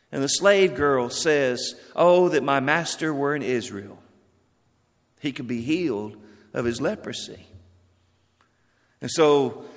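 Male preacher, slightly high voice, emphatic scripture reading, long hall reverb. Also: a bit bright. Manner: reads scripture aloud with rising emphasis, then drops low. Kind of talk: sermon.

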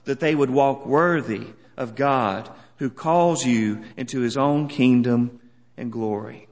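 A man preaching a sermon in an earnest, measured way, leaning on words for solemn emphasis. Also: medium pitch, a little mellow, in a large hall.

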